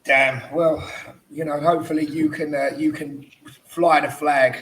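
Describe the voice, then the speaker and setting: A man's voice: fairly high pitch, little pitch movement, unhurried, a bit bright, poor audio. A tired man hosting a casual, banterous football chat podcast. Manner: chatty, banterous. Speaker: podcast host.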